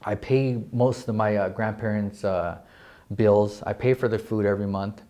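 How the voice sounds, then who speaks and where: A young man from New Mexico, a real estate agent, telling his story in a casual interview, excited and profane, filling his talk with "like". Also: on the low side, moderate pace. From New Mexico, USA. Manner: excited, profane, heavy use of "like".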